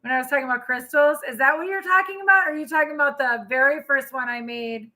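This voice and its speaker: High, bright-voiced chatty woman tarot reader. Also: fast talker. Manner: chatty and animated, reads out and answers viewer comments. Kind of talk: live-streamed tarot reading, chatting with viewers.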